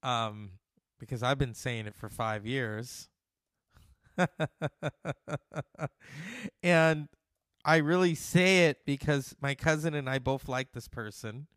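A man's voice: medium pitch, slow pace, long pauses, a bit bright, clear, resonant tone, no echo, clean studio sound. A man in his forties hosting his own podcast, talking in a loose, profane and self-mocking way. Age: 40s. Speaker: podcast host. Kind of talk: casual solo podcast monologue.

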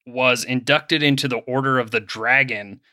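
A man's voice: mid-range voice, steady tone, normal speed, pushed and bright, no echo, clean studio sound. A young man from Pennsylvania co-hosting a podcast, reading through a history story casually and joking about his pronunciation. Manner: self-deprecating, reads history notes in an easygoing way. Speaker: podcast co-host.

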